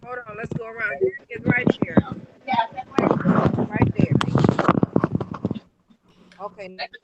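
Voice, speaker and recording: Lively woman on a noisy tablet call. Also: extremely high pitch, takes it slowly, creaky, lo-fi sound. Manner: lively, playful, gives directions while filming. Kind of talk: casual chat. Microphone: tablet on a video call.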